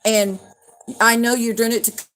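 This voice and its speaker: A woman's voice: on the high side, little pitch movement, moderate pace, a bit bright, smooth, soft background music. A woman, hosting a livestream and ranting at viewers, swearing and calling them out by name. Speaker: livestream host. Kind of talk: casual livestream rant.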